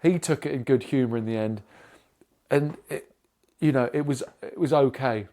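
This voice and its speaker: A man from Britain co-hosting a casual podcast chat. He tells stories with plenty of swearing and lively quoted back-and-forth. His voice sits at an ordinary middle pitch. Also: moderate pace. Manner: swearing, animated storytelling with quoted dialogue. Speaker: podcast co-host.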